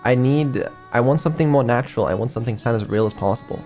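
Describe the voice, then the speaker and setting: A man's voice: medium pitch, rapid-fire, darkish tone. A man streaming casually as a developer, hesitant and full of ums, with some casual swearing. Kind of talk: casual live-stream chat. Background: faint music.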